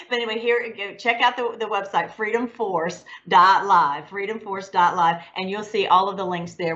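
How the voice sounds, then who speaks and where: A woman hosting an online show, talking in an excited, rambling way about religion and current events. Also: medium pitch. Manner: excited, rambling, laughs between phrases. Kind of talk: casual religious commentary. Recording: dull lo-fi sound.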